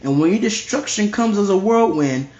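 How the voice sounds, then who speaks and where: A man with a fairly high voice walks through scripture in a casual, emphatic way, repeating his points over and over. The sound is roomy and a bit dull, as if recorded in a lo-fi setup. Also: lively intonation, normal speed, darkish tone. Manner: emphatic and repetitive, reading scripture aloud. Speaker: Bible teacher. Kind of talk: casual verse-by-verse Bible study.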